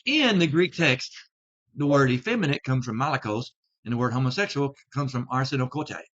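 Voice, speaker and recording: Man, Bible teacher, mid-range voice, deliberate delivery, stresses key words, slightly muffled lo-fi recording. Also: medium pitch, lively intonation, fairly bright tone. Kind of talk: explanatory video talk. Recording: slightly dull lo-fi sound.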